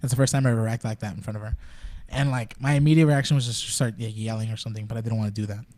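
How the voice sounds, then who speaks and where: A man's voice: lowish voice, fairly even intonation, very fast, dark tone, no room sound. A young man talking casually on a podcast, telling a rambling, profane story full of fillers. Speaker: podcast guest. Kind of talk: casual chat.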